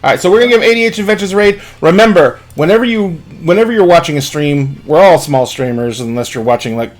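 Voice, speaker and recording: A man's voice: a little high, fast. A man hosting a live stream, wrapping up with an upbeat, rambling sign-off full of fillers. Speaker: stream host.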